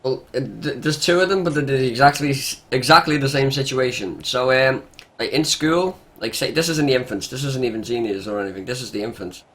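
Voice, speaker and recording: A man's voice: medium pitch, a little fast, a bit bright. A man in casual podcast chat who makes dry, teasing remarks. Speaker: podcast host.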